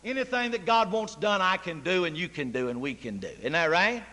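A man's voice: high voice, expressive, brisk, pushed and bright. A man preaching a sermon in a church, emphatic and full of rhetorical questions to the congregation. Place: church sanctuary. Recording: long church reverb.

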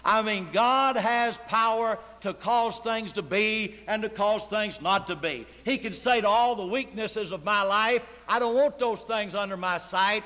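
Male preacher, emphatic sermon, bright tense voice, long church reverb. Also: high voice, measured pace, hardly any pauses. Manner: emphatic, rhetorical questions to the congregation. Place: church sanctuary.

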